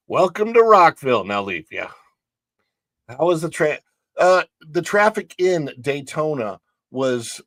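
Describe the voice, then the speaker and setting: A man's voice: mid-range voice, a bit bright, no echo. A man in his forties from St. Louis, hosting a livestream in casual rambling chat, reading out viewer comments with restarts and asides. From St. Louis, Missouri. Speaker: livestream host.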